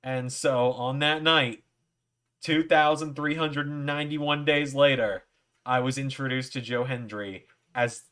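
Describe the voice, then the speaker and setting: Male streamer, mid-pitched, casual rambling storyteller, lots of fillers. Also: fairly even intonation, a little slow, fairly bright tone, clear, resonant tone. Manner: rambling, frequent fillers and "I'm like" asides. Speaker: livestream host. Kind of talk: casual storytelling to a live chat.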